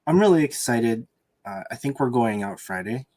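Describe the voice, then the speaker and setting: A man's voice: medium pitch, expressive, normal speed, darkish tone. A man hosting a casual podcast, upbeat and chatty as he thanks listeners. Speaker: podcast host. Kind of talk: casual chat.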